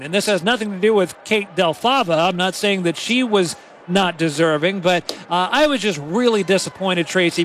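A man's voice: sits high, fairly bright tone, slight background noise. A man giving halftime radio commentary from a stadium booth, emphatic and openly opinionated. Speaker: radio broadcaster.

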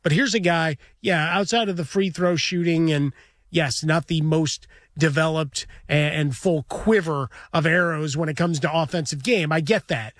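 A man's voice: fairly high pitch, normal speed, fairly bright tone, no room sound. A man co-hosting a sports radio show from a studio, talking in a wry, opinionated way full of idioms. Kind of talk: casual radio banter.

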